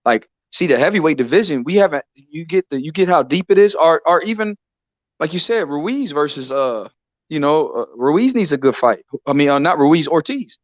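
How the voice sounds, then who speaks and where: A man hosting a casual boxing chat on a live stream, excitable and repetitive, often tacking "man" onto his sentences. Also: a little high, normal speed, no room sound. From Texas. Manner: excitable, repeats himself, says "man" a lot. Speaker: boxing show host. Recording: dry, dull lo-fi stream audio.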